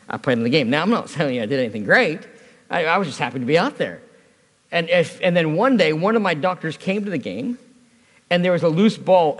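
A man preaching at a church service, his voice pitched a little high and swinging widely as he tells a story with easy, joking asides. The sound carries the long reverb of a church hall. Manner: conversational storytelling with humor. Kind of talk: sermon.

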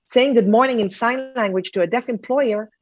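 A woman's voice: fairly high pitch, moderate pace, no room sound. A woman giving a presentation on inclusive employment, earnest and hesitant with many fillers. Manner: earnest, with frequent fillers and restarts. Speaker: conference speaker on inclusive employment. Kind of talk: presentation talk.

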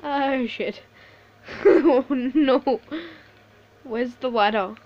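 Woman, gameplay commentary, high voice, slow-talking, swears and laughs a lot, slightly muffled recording. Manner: swears a lot, laughs often, excitable reactions. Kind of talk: casual live commentary over gameplay.

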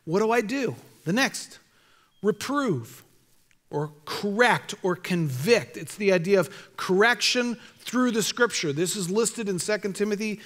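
High-voiced, bright exhorting pastor. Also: male voice, expressive, measured pace. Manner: earnest, exhorting, repeats key phrases. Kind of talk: sermon. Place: church sanctuary. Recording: reverberant church hall.

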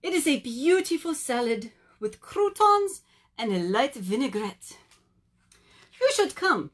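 A woman's voice: high voice, big pitch swings, unhurried, fairly bright tone, exaggerated voice. A woman putting on a vain French boy snail. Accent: put-on French. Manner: grand, showy, self-admiring. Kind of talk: picture book read-aloud.

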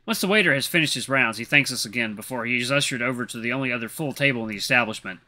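A man narrating a solo tabletop game, animated and chatty in his asides to viewers. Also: mid-range voice, very fast.

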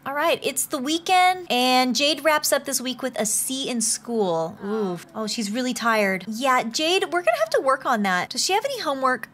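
A woman's voice: high-pitched, a bit bright. A young woman chatting through her life-sim game as its commentator, fussing over her characters and gasping often. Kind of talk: playful Sims gameplay commentary.

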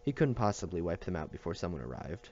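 A male reader narrating a novel in a low, dark, mellow voice. He reads steadily, tripping and restarting here and there. The recording sounds dull and muffled. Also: fast talker. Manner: steady reading with small slips and restarts. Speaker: audiobook reader. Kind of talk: reading a novel aloud.

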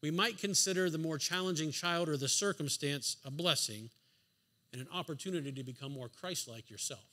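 A man's voice: fairly high pitch, fairly quick, pushed and bright. A man preaching a sermon in a church, driving home his points with emphatic rhetorical questions and the odd dry sarcastic aside. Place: church sanctuary.

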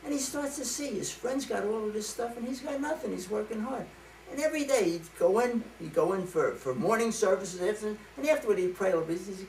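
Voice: mid-range voice, lively intonation, quick pace, a little mellow, a little hiss or hum. A storyteller telling a joke to a group in a chatty way, checking in with the listeners, recorded from far off in a roomy space. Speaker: joke teller.

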